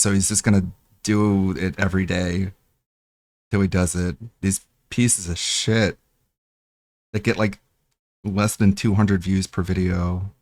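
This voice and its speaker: Low-voiced male streamer, dry sound, snarky reaction commentary. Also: dry recording. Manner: mocking, laughing, scornful asides.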